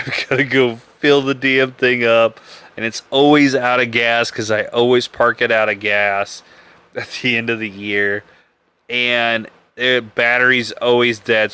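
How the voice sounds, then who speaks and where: A man's voice: medium pitch, sharp tone, clean tone. A man hosting a live beer podcast, rambling and joking crudely, laughing often. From Nebraska. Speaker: podcast host. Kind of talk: casual live-stream beer chat.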